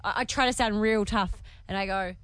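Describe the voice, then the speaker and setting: A woman's voice: medium pitch, a little fast, background noise. A woman from New Zealand co-hosting a radio show, teasing the others in casual, giggly banter.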